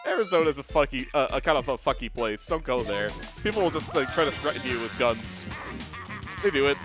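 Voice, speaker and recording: A man streaming a game and chatting casually, rambling into deadpan jokes. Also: medium pitch, brisk, over music. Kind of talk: casual gaming stream chat.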